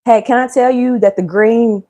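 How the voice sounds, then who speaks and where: A woman's voice: on the high side, fairly even intonation, normal speed, warm tone. A woman chatting casually and joking with viewers during a cooking livestream. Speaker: livestream host.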